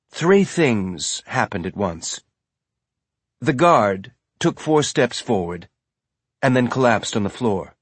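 A man giving measured, scripted audiobook narration. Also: mid-range voice, very animated, husky, no echo.

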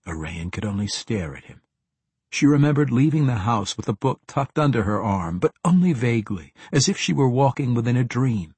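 A man narrating a fantasy audiobook in a steady, even-paced reading. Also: mid-range voice, moderate pace, husky, dry recording.

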